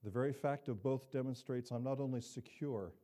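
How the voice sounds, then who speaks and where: A man's voice: medium pitch, fairly quick, dark tone. An older man preaching a sermon as pastor, talking conversationally and often checking in with the congregation with asides.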